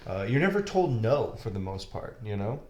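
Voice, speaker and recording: A man's voice: on the low side, sing-song, normal speed, dark tone, reverberant. A man co-hosting a podcast, giving earnest, opinionated views in casual talk with some swearing. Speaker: podcast co-host. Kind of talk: casual chat.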